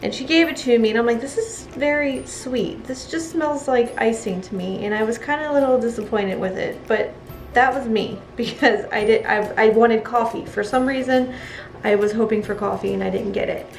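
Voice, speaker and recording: A woman's voice: on the high side, fairly quick, gravelly, echoey room, faint music behind, rough recording. A woman chatting casually while making soap, laughing often as she talks. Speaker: soap maker. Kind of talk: casual crafting narration.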